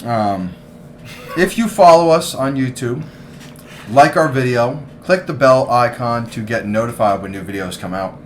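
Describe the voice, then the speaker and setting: A man co-hosting a podcast in casual chat, laughing often, swearing and telling animated stories. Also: medium pitch, a little slow. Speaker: podcast co-host. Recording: echoey room with background noise.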